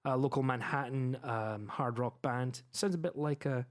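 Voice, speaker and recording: Laughing male podcast co-host. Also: medium pitch. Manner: laughs often, spells things out slowly. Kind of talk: casual chat.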